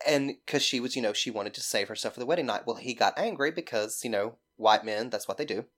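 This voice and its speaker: A woman's voice: very deep voice, quick pace. Southern woman telling a rambling story. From Mississippi. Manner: animated, rambling, swears casually. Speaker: podcast guest. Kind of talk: casual storytelling.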